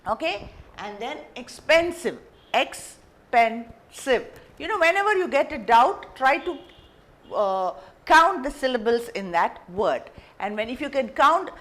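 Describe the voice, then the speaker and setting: A woman English teacher explaining grammar off the cuff, chatty, often repeating and rephrasing herself with many fillers. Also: fairly high pitch. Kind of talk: unscripted classroom explanation.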